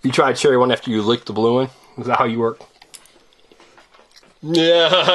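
Hosting a toy-unboxing video, this woman playfully teases a child as they open surprise eggs together. Her voice is low-pitched, husky and fairly quick, with an animated, sing-song delivery.

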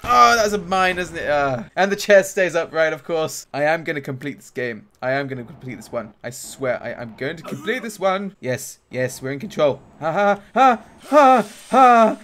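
A man commentating a video game as he plays, excitable, often laughing, groaning and cheering. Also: fairly high pitch, normal speed, hardly any pauses. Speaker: gaming YouTuber. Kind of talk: let's play commentary.

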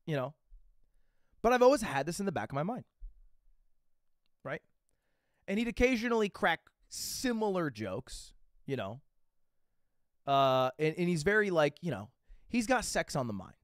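A man with a slightly high voice that swings widely up and down, spinning a loose, profane story for his live chat. He keeps stopping to check in with quick asides before charging on, and the sound is close and dry with no room around it. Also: dry recording. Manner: animated, rambling anecdotes with frequent "okay?" and "right?" check-ins; casual and profane. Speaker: livestreamer.

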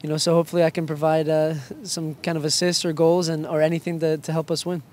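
A young man, a soccer player, answering quick-fire interview questions in a playful, joking way. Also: fairly high pitch, level tone, a little mellow. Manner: playful, joking, self-mocking.

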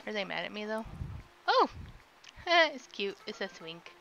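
A woman's voice: mid-range voice, vocal fry, bright, forceful tone. A young woman casually streaming a video game, playful and silly, chattering along and making sound effects. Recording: slightly dull lo-fi sound with faint noise.

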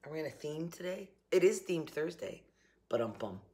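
This middle-aged vlogger, Southern-accented and a bit coughy from the morning, talks casually to camera in her home kitchen, upbeat, chatty and laughing. Her deep, warm voice has lively intonation and a moderate pace.

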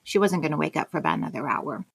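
Husky-voiced woman telling a lively story. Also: sits low, very fast. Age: middle-aged. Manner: expressive storytelling, acts out quoted lines. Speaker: guest storyteller. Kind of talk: animated personal anecdote.

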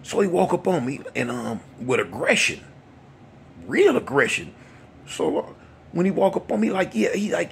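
A man's voice: sits high, very animated, normal speed, vocal fry, slight background noise. A man, telling a street story in a rambling, conversational way full of asides. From Los Angeles. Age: 50s.

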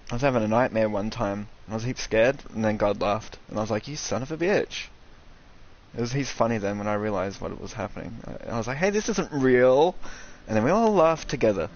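A young man doing casual, sweary commentary over a video game, ranting and excitable. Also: fairly low pitch, brisk, lo-fi sound. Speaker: gaming streamer.

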